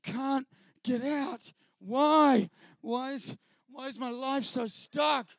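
A man voicing an overacted, despairing man stuck in a church skit, whining slowly. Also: very high-pitched, no room sound, studio quality, full character voice.

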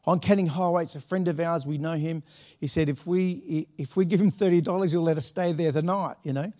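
A man's voice: fairly high pitch, a little fast, dark tone. A middle-aged man, a pastor telling a story from the pulpit in a chatty, laughing way with many restarts. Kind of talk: sermon anecdote.

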